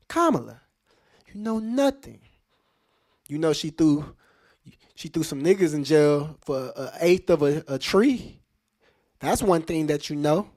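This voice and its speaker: A man's voice: on the high side, very animated, unhurried, pauses often, darkish tone. A man hosting a podcast, talking straight to his listeners in casual commentary, emphatic and full of rhetorical questions. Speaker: podcast host.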